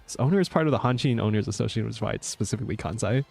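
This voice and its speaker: A man's voice: lowish voice, very fast, gravelly, a little mellow, soft background music. A male VTuber chatting casually while streaming a game, rambling with lots of fillers and easy laughs. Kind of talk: casual gaming stream chat.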